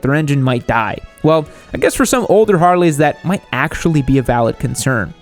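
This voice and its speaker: A man hosting a motorcycle channel, narrating a scripted comedy bit in a deadpan style that jumps into animated outbursts. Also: fairly high pitch. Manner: deadpan jokey delivery with sudden animated outbursts.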